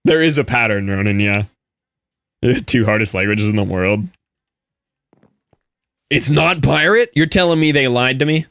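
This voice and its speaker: A young man streaming a game and chatting casually, telling an animated story with frequent laughs and quick asides. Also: mid-range voice, smooth, no room sound, studio quality. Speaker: Minecraft streamer. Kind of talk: casual live-stream chat with viewers.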